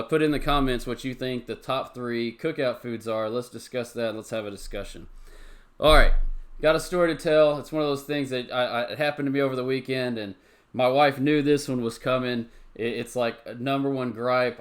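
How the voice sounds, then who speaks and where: A man's voice: medium pitch, fairly even intonation, brisk. A man hosting a live-stream chat show, talking chattily and ranting, with lots of repeated phrases. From Tennessee. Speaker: show host.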